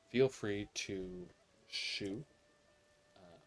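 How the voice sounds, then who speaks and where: Streaming a game live, an American-accented man offers chatty, sassy commentary and reads out the in-game dialogue. He speaks slowly but in an animated way, with a fairly low voice.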